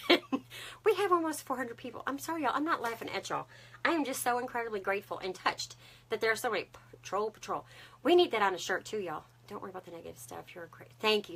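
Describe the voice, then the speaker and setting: Woman in her fifties, chatty craft live-streamer, bright voice, a bit husky. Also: fairly high pitch. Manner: bubbly, talkative, greets viewers by name. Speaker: craft livestream host.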